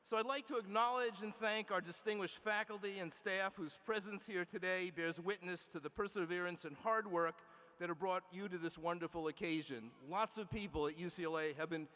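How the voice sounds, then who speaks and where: A man delivering a formal commencement address from a podium in a large indoor arena, measured and emphatic, with small restarts and asides. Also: high voice, sharp tone. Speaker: university leader giving commencement address. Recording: long arena reverb.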